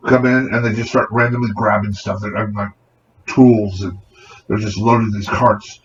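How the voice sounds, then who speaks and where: Male podcast co-host, casual and profane, mid pitch, dull lo-fi audio with light hiss. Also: moderate pace. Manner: profane, animated retelling with acted quotes. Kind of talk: casual storytelling.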